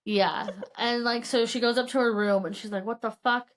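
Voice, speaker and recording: A woman's voice: fairly high pitch, fairly even intonation, normal speed. A woman co-hosting a podcast, casually retelling a novel's plot with lots of filler words and acted-out lines of dialogue. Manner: rambling, heavy filler use, retells dialogue. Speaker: podcast co-host. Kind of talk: casual book recap chat.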